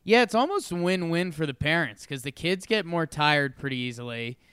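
Man, slightly high smooth voice, animated co-host storyteller, dry close sound. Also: moderate pace, dry recording. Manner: animated, acts out quoted voices. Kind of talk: casual chat.

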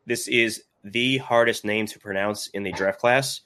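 A man's voice: fairly low pitch, steady tone, unhurried, sharp tone. A man appearing as a podcast guest, explaining his player analysis in chatty detail during a casual sports conversation.

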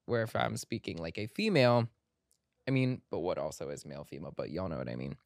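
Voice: deep voice, expressive, fast, vocal fry, no room sound. A podcast host in casual chat, rambling and playful, full of "like" fillers, recorded in a studio.

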